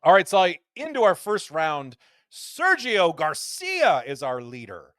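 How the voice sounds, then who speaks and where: Wry, lively-voiced male podcast host. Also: fairly high pitch, measured pace, dry recording, studio quality. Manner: wry, jokey, reads quotes aloud. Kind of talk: casual podcast storytelling.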